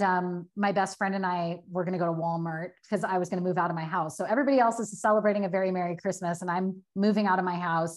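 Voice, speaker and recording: A woman in her thirties, a guest telling a candid personal story, earnest and quick, full of filler words. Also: lowish voice. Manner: earnest, fast, many filler likes, acts out quotes.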